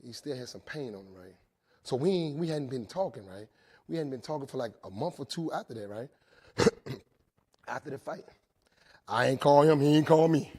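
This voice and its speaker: A man's voice: on the high side, breathy edge. A man in his forties from telling his recovery story to inmates, checking in often with "right?". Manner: animated storytelling, repeats "right?". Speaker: recovery speaker. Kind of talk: testimony talk to inmates.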